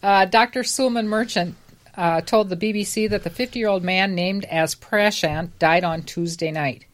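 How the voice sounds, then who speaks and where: A woman's voice: medium pitch, moderate pace. A woman reading a news story aloud on a casual podcast, in a plain, matter-of-fact way.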